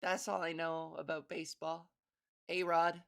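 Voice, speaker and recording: A woman comedian hosts her podcast alone. She talks in a rambling, profane way, often cutting herself off mid-thought. Her voice sits slightly low for a woman. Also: level tone, a little slow, gravelly, fairly bright tone, clean tone. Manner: rambling, profane, self-interrupting. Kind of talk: casual comedic monologue.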